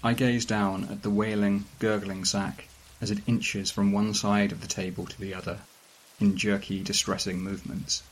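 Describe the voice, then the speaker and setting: A man reading a strange first-person story aloud in a calm, dry, measured way. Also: lowish voice, rough recording. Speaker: narrator. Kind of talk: scripted narration of a weird fiction story.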